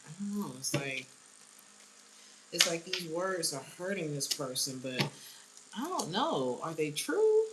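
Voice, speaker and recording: Woman, tarot reader, lowish voice, casual and blunt, laughs a lot. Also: sing-song, unhurried, pauses often, a crowd in the background, rough recording. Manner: blunt, slangy, laughs often.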